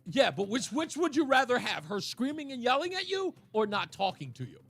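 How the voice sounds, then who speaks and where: A man's voice: very high-pitched, brisk. A man hosting a talk radio show, telling stories casually and laughing often. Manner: laughs often, animated storytelling. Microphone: studio microphone.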